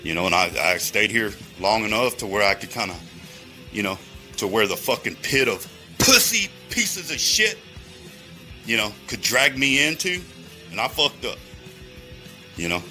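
A man's voice: on the low side, animated, moderate pace, pauses often, pushed and bright, soft background music. A man in a rambling, profane monologue, going off on tangents and talking straight to his listeners. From Texas. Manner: heavy swearing, rambling tangents, addresses listeners directly.

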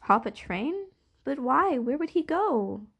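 Woman reading as a worried genteel mom, voice goes way up high, pleading questions, storybook. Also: very animated, takes it slowly, full character voice. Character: anxious genteel mother, caring and reasonable.

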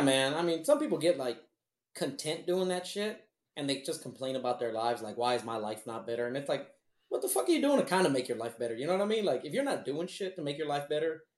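Casual guy, cursing freely, lively and laughing, roomy sound. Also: medium pitch. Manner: animated, profane, laughs often. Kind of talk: casual crude chat.

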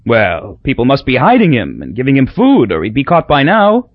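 A man's voice: mid-range voice, wildly swooping pitch, moderate pace, no room sound, lo-fi sound. A man voicing a crude, blustering middle-aged American businessman who barks demanding questions.

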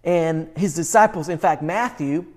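A man preaching a sermon, moving between animated, incredulous outbursts and hushed, earnest delivery. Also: a little high, unhurried. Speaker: pastor.

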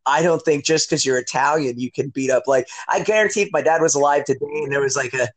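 A middle-aged man spins a long story in loose, swear-heavy chat, with a steady stream of "like" and "you know" between his thoughts. His voice sits slightly higher than most men's. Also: fast.

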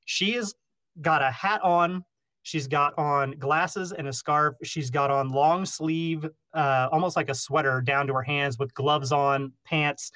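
A lively man telling stories on a podcast, his pitch a touch high. He acts out the people in his tale and jokes at his own expense. The sound is dry and close. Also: measured pace, dry recording. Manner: animated, self-deprecating storyteller who acts out quotes. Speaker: beekeeper and podcast host. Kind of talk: casual storytelling interview. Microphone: remote call recording.

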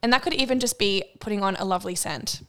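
A woman's voice: medium pitch, fast, a bit bright. A young woman co-hosting a casual chat podcast, talking freely, laughing often and swearing now and then. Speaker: podcast co-host.

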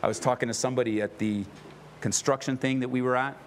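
A man's voice: medium pitch, steady tone, fast talker, slight background noise. A man preaching a sermon as a pastor, impassioned and emphatic, repeating phrases for emphasis. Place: church.

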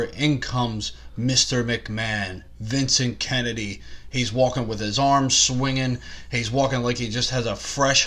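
A man's voice: medium pitch, a bit bright. A man co-hosting a casual comedy podcast, telling rambling, crude stories. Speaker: podcast co-host.

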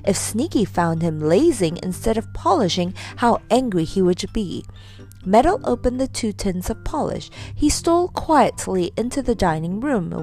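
A woman telling a children's story aloud in an expressive, storytelling way. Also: fairly high pitch.

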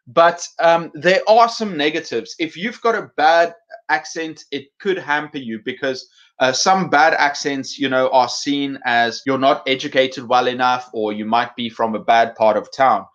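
A man's voice: a little high, a bit bright, lo-fi sound. A male teaching-channel host giving casual, thoughtful advice to teachers, with a mixed British and American accent and frequent fillers.

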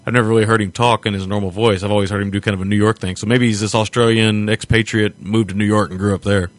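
A man's voice: on the low side, flat delivery, quick pace, no room sound. A man co-hosting a podcast, chatting loosely about a movie with frequent laughs and a joking, rambling manner. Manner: laughs often, jokey and rambling. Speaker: podcast co-host. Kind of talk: casual film review chat.

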